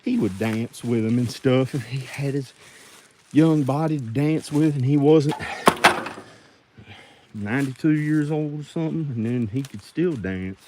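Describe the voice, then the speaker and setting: A man rambling and joking casually to viewers as he clears out old junk. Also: medium pitch, unhurried, noisy background. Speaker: video creator.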